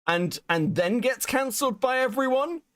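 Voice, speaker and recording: Sweary man ranting, lively pitch. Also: moderate pace, dry recording, clean studio sound. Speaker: podcast host. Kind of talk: casual drama commentary.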